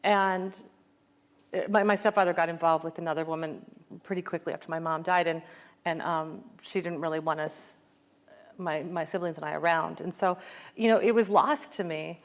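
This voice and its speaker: A woman's voice: on the low side, fairly even intonation, moderate pace. An American woman, an author, talking reflectively in an onstage conversation, with many fillers and restarts. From United States. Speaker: author guest.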